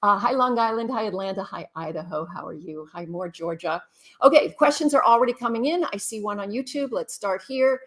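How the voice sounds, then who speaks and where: Woman, live-stream host, casual chat, frank brisk advice, medium pitch. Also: expressive, fairly bright tone. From Canada. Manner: chatty, greets viewers one after another, gives brisk frank advice. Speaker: relationship expert hosting a live Q&A.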